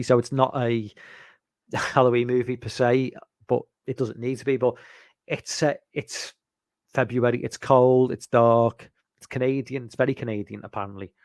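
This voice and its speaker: A man's voice: medium pitch, darkish tone, no room sound. A man from England chatting casually about horror films, rambling and hesitant, with lots of ums and restarts. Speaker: podcast host.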